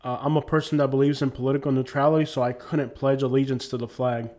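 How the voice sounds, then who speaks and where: A man's voice: medium pitch, fairly even intonation, quick pace, mellow. A man born in Cuba giving emphatic, preachy casual commentary to his audience, at times reading a letter aloud in a formal tone.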